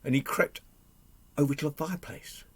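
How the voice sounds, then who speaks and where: A man telling a folk tale to families, animated, asking the audience questions and doing animal noises. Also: on the high side, moderate pace, slightly rough. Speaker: storyteller. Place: home, online session.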